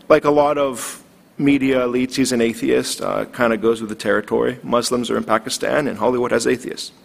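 A man's voice: mid-range voice, fairly bright tone. A man preaching a sermon, earnest and building in intensity. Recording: long hall reverb.

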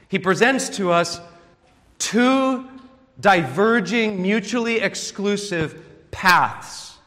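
With a high, fairly bright voice, a man preaches an expository sermon in an earnest teaching tone. He keeps checking in with his listeners through rhetorical questions, and a long hall reverb colors the recording.

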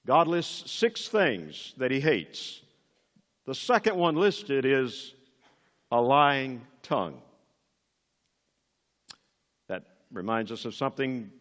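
A man's voice: on the high side, in a large hall. An older man preaching a sermon as pastor, emphatic and rising on key words.

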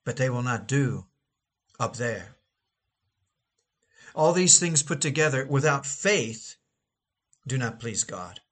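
A man's voice: fairly high pitch, bright, forceful tone. A man reading a sermon aloud in a dramatic, emphatic oratorical manner, drawing out key phrases. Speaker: preacher.

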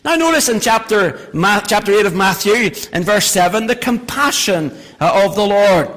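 A man's voice: high voice, expressive, normal speed, a bit bright. A middle-aged male pastor preaching a sermon, reading scripture and then explaining it with emphatic, repeated phrases. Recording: long hall reverb.

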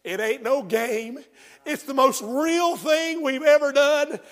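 Pastor, high ringing voice, hushed stories building to shouts, church reverb. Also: male voice, slow. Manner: swings from hushed storytelling to shouted fervent preaching. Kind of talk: sermon. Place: church sanctuary. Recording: long hall reverb of a church.

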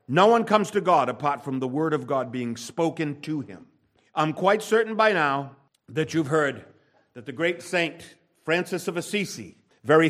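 A male pastor delivering a sermon in an emphatic preaching style. His voice sits a little high for a man and climbs higher when he presses a point, then drops soft and low. He keeps throwing rhetorical questions at the congregation. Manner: emphatic preaching with wide swings in pitch and loudness.

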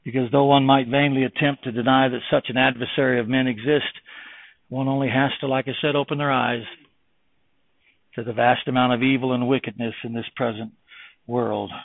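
A male pastor delivers a passionate sermon in a creaky, slightly quick voice with little pitch variation. He fires off rhetorical questions, quotes old-fashioned scripture wording, and swings between loud exhortation and low, earnest tones. The recording is dry with no echo and sounds thin and tinny, like a phone.

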